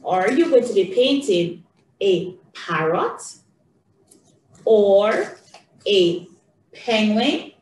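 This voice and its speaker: Slow singsong woman teacher, echoey room. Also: mid-range voice, very animated, darkish tone, distant mic, slight background noise. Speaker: early childhood teacher. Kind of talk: teaching young children. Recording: echoey room, voice off-mic, faint ambience.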